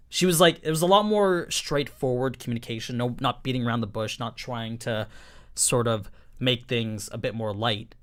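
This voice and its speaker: A man's voice: medium pitch, normal speed, fairly bright tone, clean tone. A young man hosting a casual live-stream anime review, talking in a chatty, emphatic way, full of 'like' and 'you know'.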